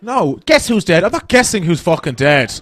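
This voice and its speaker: A man's voice: sits high, sing-song, fairly bright tone. A man from Dublin with an Irish accent, doing a blunt, profane stand-up set on a comedy stage. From Dublin, Ireland. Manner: profane, blunt, rapid-fire.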